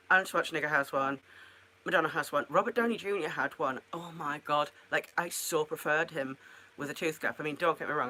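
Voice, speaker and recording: A woman's voice: sits low, pushed and bright. A woman chatting casually to the camera at home, rambling and making self-mocking asides about her pets. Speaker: pet keeper vlogger.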